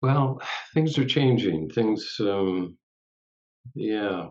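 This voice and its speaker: A man hosting a live online talk over a video call, speaking slowly and gently. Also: lowish voice, animated, lo-fi sound. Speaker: interview host.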